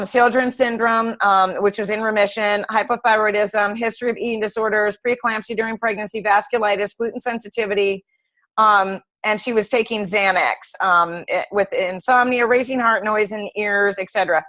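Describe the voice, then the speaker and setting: Woman, middle-aged, health coach, casual group teaching, chatty, tag questions, mid-pitched voice. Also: fairly bright tone, low-quality recording.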